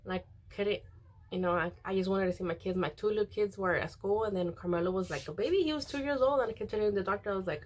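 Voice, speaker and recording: A young woman chats casually while she does her makeup. She rambles with plenty of ums and likes and keeps slipping into quoting other people. Her pitch sits at an ordinary middle height. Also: fast. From Mexican. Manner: rambling, many fillers, quotes others. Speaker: beauty vlogger.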